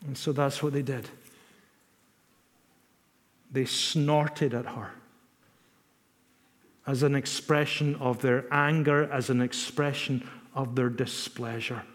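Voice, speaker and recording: A man preaching a sermon in a measured, emphatic way, repeating phrases for stress. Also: mid-range voice, fairly even intonation. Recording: long reverb of a hall.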